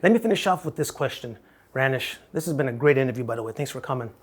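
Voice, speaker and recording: A middle-aged man hosting an interview, folksy and animated in a colloquial way. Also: mid-range voice, quick pace, breathy edge. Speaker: interview host. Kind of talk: interview conversation.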